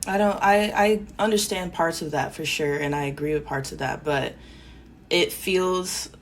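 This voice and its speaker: A woman talking as a guest in a discussion. She hesitates and searches for words, and she fills her pauses with "like". Her voice sits somewhat low. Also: slight background noise. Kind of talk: casual discussion.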